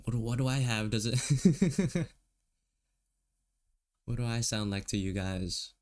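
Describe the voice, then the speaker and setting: Slow-talking American man chatting. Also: mid-range voice. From United States. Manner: relaxed, laughs often, talks to chat. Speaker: streamer. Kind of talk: casual chat while drawing.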